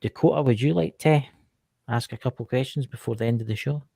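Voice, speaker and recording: A man's voice: mid-range voice, a little fast, vocal fry, warm tone, breathy edge, dry recording. A man co-hosting a podcast, laid-back and playful in casual chat. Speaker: podcast co-host.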